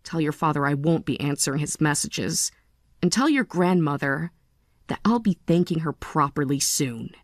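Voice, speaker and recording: A woman in her forties playing a tired but resolute mother in a text-story drama, speaking in a calm, measured way. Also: low voice, no echo, clean studio sound. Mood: calm resolve. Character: weary, resolute mother leaving her family.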